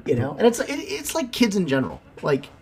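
A man co-hosting a casual podcast. His pitch swings widely as he jokes and rambles through animated chat. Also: brisk, vocal fry, soft background music. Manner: animated, jokey storytelling. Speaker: podcast co-host.

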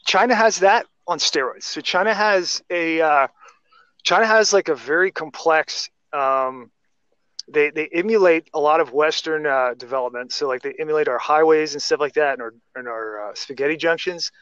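A man's voice: a little high, normal speed, a bit bright, clean tone, no echo. A man talking casually in a podcast chat, rambling through restarts and tangents. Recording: dry, muffled lo-fi sound.

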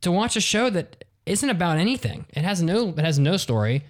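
A man's voice: high-pitched, big pitch swings, a little fast. A man hosting a casual podcast, talking bluntly and ranting with exasperation. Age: adult with office job. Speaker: podcast host.

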